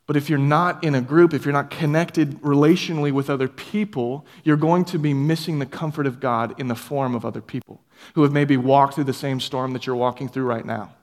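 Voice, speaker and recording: A man's voice: mid-range voice, fairly even intonation, fairly quick, in a large hall. A man preaching a sermon as pastor, earnest and conversational, building up to emphatic passages. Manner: earnest, rising to emphatic peaks. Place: church sanctuary.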